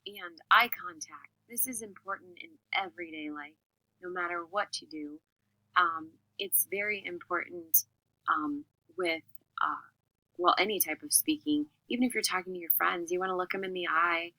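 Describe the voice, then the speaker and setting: A woman teacher giving a classroom lesson on public speaking, with a clear, expressive and emphatic delivery. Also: lowish voice, moderate pace, no room sound, low-quality recording.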